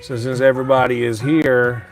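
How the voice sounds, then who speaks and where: Male streamer, mid-pitched, easygoing and rambling, kept hushed for a night kitchen, light music underneath. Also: fairly even intonation, moderate pace. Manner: talks quietly so as not to wake sleeping roommates; casual and rambling, with fillers. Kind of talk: casual live-stream chat.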